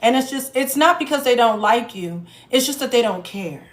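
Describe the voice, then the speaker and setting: A woman's voice: fairly high pitch, animated, normal speed. Blunt, joking woman reading tarot. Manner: blunt, profane, joking asides. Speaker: tarot reader. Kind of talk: casual tarot reading to viewers. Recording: echoey room with faint noise.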